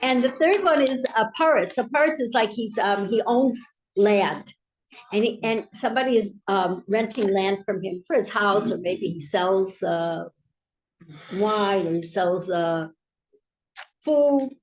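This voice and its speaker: A woman teaching a Torah class, telling a story in an animated, chatty way. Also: medium pitch, unhurried, a little hiss or hum, rough recording.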